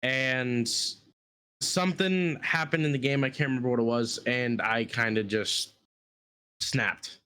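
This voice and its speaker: A man in a casual podcast chat, talking earnestly with a middle-pitched voice. He halts often and restarts his phrases as he thinks. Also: fairly even intonation, measured pace, pushed and bright, clear, resonant tone. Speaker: streamer and podcast co-host.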